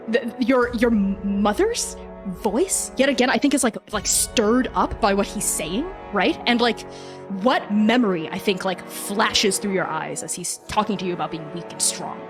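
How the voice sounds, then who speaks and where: A woman game master narrates a tabletop role-playing game, talking in an animated, casual way and filling pauses with likes and ums. Her pitch sits in the middle range, and faint music plays underneath. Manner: animated, uses lots of fillers.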